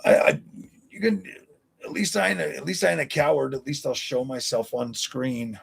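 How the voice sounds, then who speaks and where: A man's voice: mid-range voice, steady tone, normal speed, vocal fry, husky. A man in his forties chatting on a live stream, answering viewers in a blunt, combative, profane way. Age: 40s.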